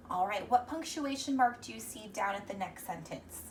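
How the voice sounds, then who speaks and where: A young woman teacher giving a reading lesson to young children, speaking slowly and encouragingly and sounding out words sound by sound. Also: mid-range voice, animated, far from the mic, a little hiss or hum.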